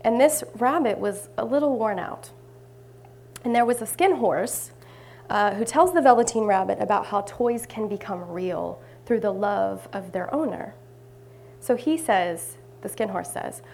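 A woman minister giving a sermon, telling a story with warmth and occasionally dropping to hushed asides. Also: mid-range voice, lively intonation, a little slow, creaky, slight background noise.

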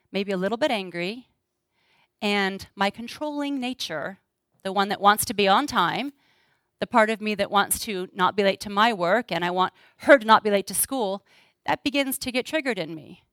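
A woman's voice: medium pitch, lively intonation, normal speed, fairly bright tone, dry recording. A middle-aged woman speaking earnestly to an audience, sharing personal stories and acting out dialogue. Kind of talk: talk to a live audience.

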